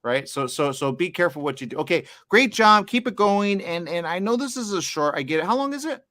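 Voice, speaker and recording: A man's voice: high voice, lively intonation, sharp tone. A man interviewing filmmakers at a festival, joking and repeating words as he talks. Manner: fast, stammering, jokey. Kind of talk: casual red-carpet interview.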